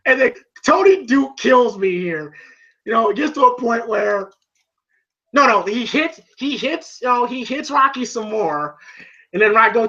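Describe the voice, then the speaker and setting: Excitable male reviewer, bright edgy voice, curses freely, dull lo-fi sound. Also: extremely high pitch, unhurried. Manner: excitable, profane, heavy on fillers. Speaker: film reviewer. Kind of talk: casual film review vlog.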